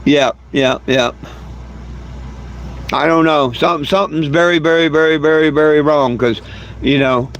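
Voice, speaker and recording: A man's voice: a little high, steady tone, fairly quick, fairly bright tone, lo-fi sound, slight background noise. A man vlogging outdoors by his bus in a casual, hesitant way, drawn out with fillers and repeated words. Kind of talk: casual rambling vlog talk. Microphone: camera he handles himself.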